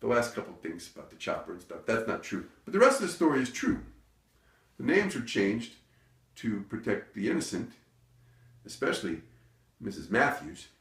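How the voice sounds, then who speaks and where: A man's voice: mid-range voice, moderate pace. Rambling man telling a comic story. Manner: rambling, self-interrupting, deadpan asides. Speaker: comedian. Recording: echoey room, distant mic.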